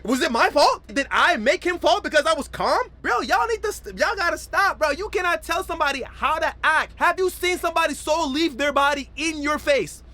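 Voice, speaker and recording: A man's voice: very high voice, lively intonation, brisk, few pauses, pushed and bright. A young man doing casual reaction commentary, rambling and slangy, who swears and argues with the clip.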